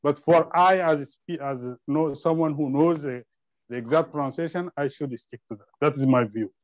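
A man's voice: fairly high pitch, normal speed, no room sound, rough recording. A man whose first language is Arabic, hesitating often with fillers and restarts as he gives his view in an online group discussion. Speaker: discussion participant.

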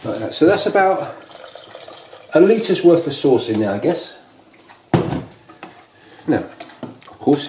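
A man's voice: mid-range voice, warm tone. Chatty British man cooking at home. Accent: British English. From United Kingdom. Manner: chatty, rambling, repeats himself. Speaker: home cook host. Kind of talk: casual cooking demonstration. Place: home kitchen. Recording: echoey kitchen with faint noise.

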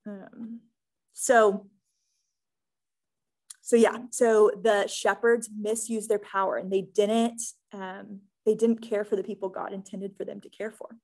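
A young woman teaching a Bible study, casual and earnest, often pausing with "um" and checking in with "right?". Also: medium pitch, flat delivery, darkish tone. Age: young adult.

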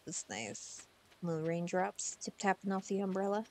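A woman's voice: on the low side, measured pace. A woman streamer chatting casually over gameplay, giggling and talking to the game's characters from a room at home.

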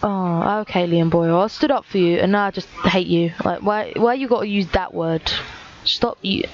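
A woman's voice: lowish voice, normal speed, dull audio, a little hiss or hum. A teenage girl reading out viewer comments in a casual, sarcastic, teasing way. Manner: sarcastic, teasing, self-mocking. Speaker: YouTuber.

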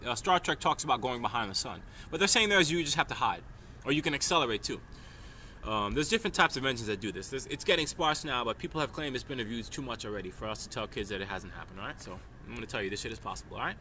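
A man's voice: medium pitch, animated, quick pace, bright, forceful tone, a little hiss or hum. A man from New York delivering a rambling, emphatic stream-of-consciousness vlog monologue, often tagging his points with "right?". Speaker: vlogger.

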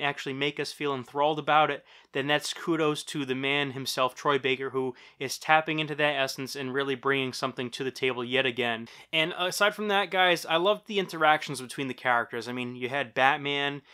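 A man's voice: medium pitch, brisk, hardly any pauses, bright, forceful tone, clear, resonant tone. A man in his thirties hosting a casual film review, enthusiastic and talking straight to his viewers. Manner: enthusiastic, addresses viewers as "guys". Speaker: film reviewer, channel host.

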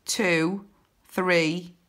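A woman hosting a scratchcard video, counting numbers aloud in casual narration with bursts of excited whoops. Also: fairly low pitch, drawn-out words. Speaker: scratchcard channel host.

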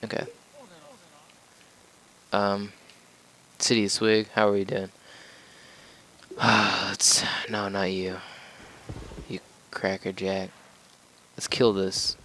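Low, unhurried man joking through a game. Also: level tone, fairly bright tone, slight background noise, poor audio. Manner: joking, rambling, talks to the game. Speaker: let's play gamer. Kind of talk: casual gameplay commentary.

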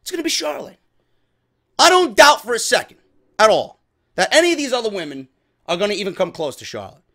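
A man with a fairly high voice reviews a wrestling show in a loose, profane rant. He sounds exasperated and often mocks what he describes. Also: sing-song, fairly quick, gravelly, bright, forceful tone. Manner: exasperated, profane, mocking impressions.

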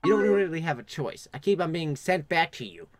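A man's voice: on the high side, sing-song, fairly quick, dry recording. Joking young man playing a game aloud. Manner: joking, crude asides, sarcastic. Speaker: gaming channel host. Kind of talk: let's play commentary, reading game chat aloud. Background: keyboard typing and clicks.

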